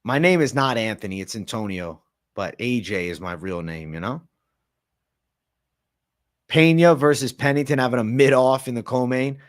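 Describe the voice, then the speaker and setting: Brief: man, livestream host, relaxed slangy chatter, mid-pitched everyday voice. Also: normal speed, long pauses. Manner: slangy, laid-back, chatty. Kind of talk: casual late-night livestream Q&A.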